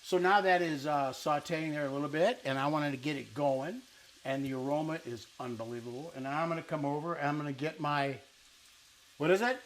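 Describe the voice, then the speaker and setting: Brisk and slightly high-voiced, this cooking show host has a little hiss or hum on his audio. He gives a casual demonstration in a kitchen with an island and stovetop, joking around and teaching Italian words as he goes.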